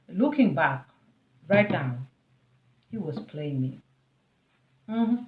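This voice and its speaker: A woman's voice: medium pitch, expressive, slow pace, pauses often. Kenyan woman vlogger, storytime delivery, emphatic and chatty, addresses the viewer directly; phone-like sound. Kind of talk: storytime vlog. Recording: tinny, phone-like and roomy.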